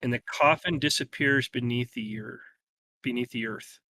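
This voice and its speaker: A man narrating a tabletop game as game master, telling the scene slowly and dramatically. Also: medium pitch, bright, forceful tone. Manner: slow, dramatic storytelling.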